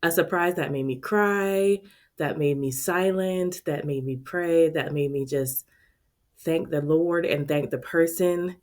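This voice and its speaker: A woman hosting a casual budgeting vlog, talking straight to her viewers in an expressive, chatty way. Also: deep voice, measured pace. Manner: expressive, talks straight to viewers with lots of "y'all". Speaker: budgeting vlogger and channel host.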